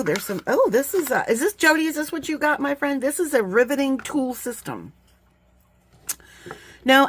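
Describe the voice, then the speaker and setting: A middle-aged woman vlogger chatting casually while unboxing craft supplies, effusive and quick to laugh, often trailing off mid-sentence. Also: medium pitch, a bit bright.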